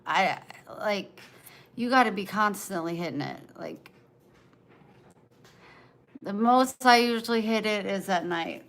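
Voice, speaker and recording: Slow-talking woman in her forties, livestreaming. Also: mid-range voice, fairly bright tone. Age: 40s. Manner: chatty, reads viewer comments aloud. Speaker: livestream host. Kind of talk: casual livestream chat.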